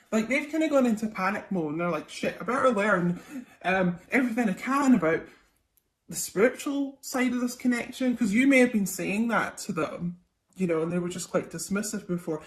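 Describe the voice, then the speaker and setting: A young woman, a tarot reader, chatting casually through a psychic reading with lots of ums and okays. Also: mid-range voice. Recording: echoey room, faint noise.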